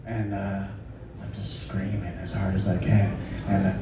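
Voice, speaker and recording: On stage between songs, a deep-voiced man tells a loose, profane story that pokes fun at himself, keeping a level tone and an unhurried pace. The live venue recording is echoey and distant, with background noise and the audience laughing.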